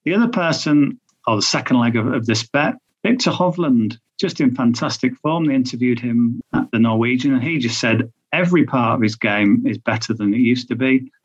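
Brief: mid-pitched male tipster, rambling and chatty, muffled lo-fi recording. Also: normal speed, few pauses, husky. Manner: chatty, thinks aloud with fillers and restarts. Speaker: betting tipster. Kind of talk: podcast chat.

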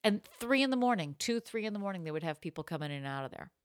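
A woman's voice: on the low side, expressive, racing, dry recording. A woman co-hosting a casual podcast, telling stories in a playful way, laughing often and swearing freely. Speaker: podcast co-host.

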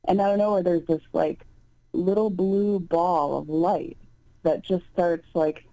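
A woman's voice: lowish voice, fairly even intonation, unhurried, mellow, no room sound, rough recording. A woman calling in to a show, telling a story in an earnest, chatty way. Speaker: caller. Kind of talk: phone-in storytelling.

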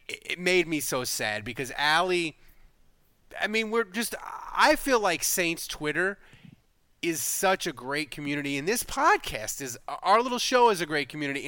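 Male podcast host, bright and clear, emotional and rambling, dry close mic. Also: a little high, no room sound. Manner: emotional, rambling, self-interrupting. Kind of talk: casual podcast chat.

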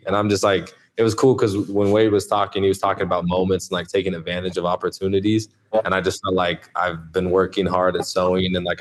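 A man in his twenties, a podcast guest, chatting in a relaxed way and often saying "like". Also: sits low. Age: 20s. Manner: relaxed, lots of "like" fillers. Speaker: podcast guest, college athlete. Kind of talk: casual interview chat.

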